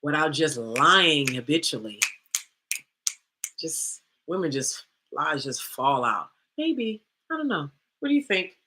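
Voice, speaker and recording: Woman livestream host, blunt and challenging, swooping pitch, bright voice. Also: very animated, takes it slowly, a little hiss or hum. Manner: blunt, confrontational, full of rhetorical questions. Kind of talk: livestream talk.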